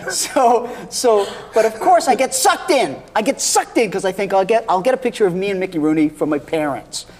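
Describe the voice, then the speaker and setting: A man's voice: high voice, fairly quick, in a large hall. A man, a guest on a comedy talk show, telling a comic anecdote and acting out the people in it. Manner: animated storyteller, acts out quotes. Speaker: guest actor.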